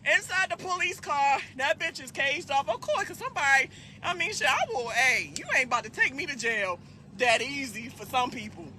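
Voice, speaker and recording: A woman vlogger telling a story casually, loud and profane, often breaking into laughter. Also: high-pitched, expressive, normal speed, slight background noise. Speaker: trucking vlogger.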